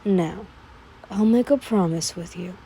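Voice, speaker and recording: A woman voicing a calm, commanding goddess who speaks in a slow, purring, indulgent manner. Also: mid-range voice, slight background noise, voice pushed down, natural voice, poor audio.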